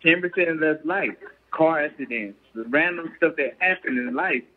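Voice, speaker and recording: A husky-voiced man talks earnestly as a guest, often asking whether he is understood. His voice sits a bit high and comes through a tinny phone line. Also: moderate pace. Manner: earnest, keeps asking "you get what I'm saying". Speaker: professional boxer, guest. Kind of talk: casual chat.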